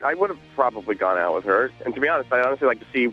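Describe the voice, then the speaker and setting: A man's voice: mid-range voice, expressive, very fast, faint music behind. A man calling in to a radio show, defensive and stammering. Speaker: radio caller. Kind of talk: phone call on radio. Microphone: telephone. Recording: dull lo-fi phone audio.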